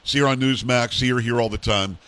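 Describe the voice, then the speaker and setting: A man's voice: mid-range voice, fairly quick, fairly bright tone. A man hosting a talk show, rambling and playful as he puts questions to his guest. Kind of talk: casual interview chat.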